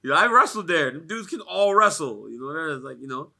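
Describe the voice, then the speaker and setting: A man's voice: on the high side, fast, vocal fry. A man from the United States speaking at a fight media day, telling stories casually with many fillers and frequent laughs. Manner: animated storyteller, laughs often, many "like" fillers.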